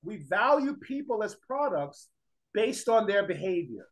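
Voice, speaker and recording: A man's voice: high voice, big pitch swings, measured pace, rough recording. A man teaching a class in a classroom lecture, emphatic, repeating his points and firing rhetorical questions at the students.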